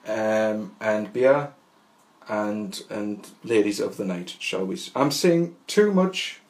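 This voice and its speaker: A man's voice: mid-range voice, a little mellow, poor audio. A man hosting a solo podcast who rambles in a wry, self-mocking way, full of restarts. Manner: wry and jokey. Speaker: podcast host.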